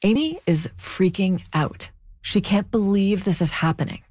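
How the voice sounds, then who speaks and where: A woman narrating a podcast story in a measured, composed way. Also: mid-range voice, lively intonation, noisy background. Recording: soft music bed underneath.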